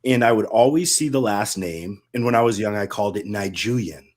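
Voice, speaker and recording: Low-ish voiced guy from maine, chill storyteller on a podcast. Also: darkish tone, a little hiss or hum. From Maine, USA. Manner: easygoing storyteller, drawn-out. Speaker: podcast co-host. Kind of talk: casual podcast chat.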